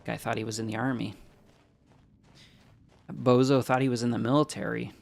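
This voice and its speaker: A man's voice: mid-range voice, level tone, normal speed, creaky, soft background music. A man streaming a video game, rambling casually, answering chat, and making jokey asides, with a stuffy nose from allergies. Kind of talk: casual live-stream chat while playing.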